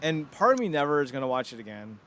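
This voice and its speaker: A podcast host in his thirties chats casually, animated and joking, laughing often. His voice is a little high and fast, and there's a little hiss or hum in the recording.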